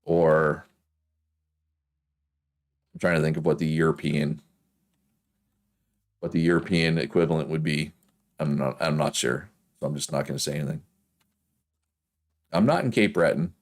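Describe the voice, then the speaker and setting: A man's voice: very deep voice, moderate pace, long pauses. A man from Prince Edward Island with a strong Canadian East Coast accent, chatting casually and rambling with frequent laughs while playing a game. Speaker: gaming streamer.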